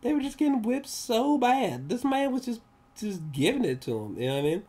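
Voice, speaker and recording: A man giving a casual, rambling movie review, excitable and slangy, often laughing. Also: extremely high pitch, fairly quick.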